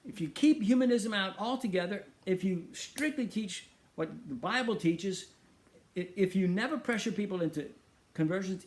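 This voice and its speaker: A middle-aged man hosting a talk show, preaching emphatically and firing off rhetorical questions. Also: sits high. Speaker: radio show host. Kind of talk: preaching monologue.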